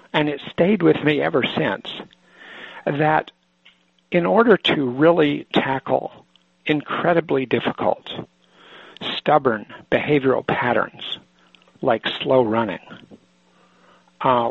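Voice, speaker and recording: An older man from Oregon, a psychoanalyst, telling a personal story in a halting, thoughtful way with many restarts, on a muffled lo-fi recording. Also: medium pitch, creaky, slightly rough, dry recording. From Oregon, USA.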